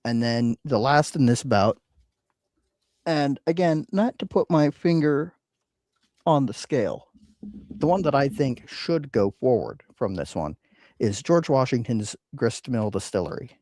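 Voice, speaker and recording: A man's voice: mid-range voice, lively intonation, a little slow, darkish tone, no room sound. A man hosting a casual whiskey podcast, rambling with frequent ums and uhs. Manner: rambling, hesitant with many fillers. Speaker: podcast host. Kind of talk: casual chat.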